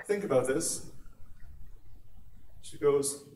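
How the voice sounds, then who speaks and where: A man's voice: fairly high pitch, slow, a little mellow. A man from Ireland with an Irish accent, giving a humorous conference talk on security and tagging asides with "right?". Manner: jokey and conversational, with frequent "right?" asides. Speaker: conference speaker. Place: large conference atrium. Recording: echoey hall, mic at a distance.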